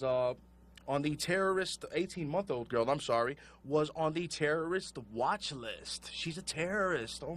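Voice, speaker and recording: A man's voice: medium pitch, a little hiss or hum. A man hosting a call-in radio show, ranting sarcastically and sounding exasperated. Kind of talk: call-in talk radio rant.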